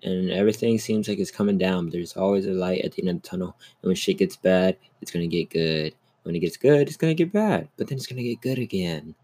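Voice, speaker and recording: A man's voice: low voice, fast talker, few pauses, dark tone, husky. A young man hosting a solo podcast, rambling in a casual, upbeat way and swearing a lot. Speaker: podcast host.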